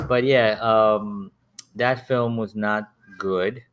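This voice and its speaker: A man's voice: fairly low pitch, fairly even intonation, extremely slow, slight background noise. Rambling man in casual chat. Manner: rambling, full of restarts and repeated words.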